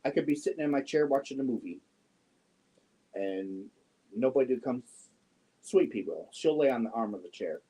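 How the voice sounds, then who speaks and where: A man's voice: mid-range voice, lively intonation, normal speed, long pauses, warm tone, husky. A man hosting a crochet livestream, chatting casually, reading viewer comments and cooing to his cats. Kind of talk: casual chat while crocheting.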